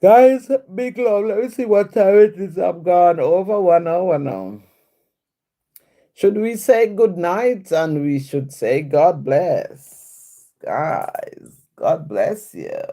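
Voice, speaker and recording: A woman's voice: lowish voice, very animated, extremely slow, pauses often, warm tone. A woman with a Jamaican accent on a live stream, reading viewer comments aloud and chatting back to them. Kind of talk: casual live-stream chat.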